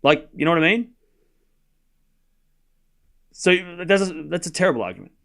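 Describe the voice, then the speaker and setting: A man's voice: a little high, very animated, normal speed, gravelly, a bit bright, soft background music. A young Australian man hosting a casual live tennis watchalong, rambling between score calls. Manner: rambling and chatty, calling scores between asides. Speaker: host doing live tennis commentary. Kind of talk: casual live-stream commentary.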